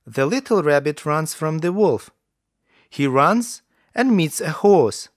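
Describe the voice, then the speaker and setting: A man narrating children's stories in a slow, careful way for English learners, with lively intonation. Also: a little high, dry recording, studio quality.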